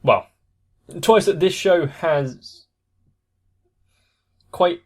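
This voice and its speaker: A man's voice: medium pitch, a little mellow. A young man hosting an anime reaction channel, giving casual, thoughtful commentary that trails off at the ends of phrases.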